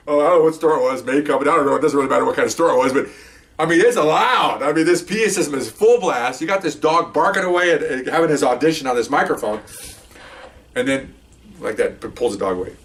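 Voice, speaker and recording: Older retired cop storyteller, rapid and animated, recorded a bit away from the mic. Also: male voice, medium pitch, recorded from a distance. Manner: animated, laughs while telling, acts out voices. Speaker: retired police officer. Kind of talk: casual storytelling.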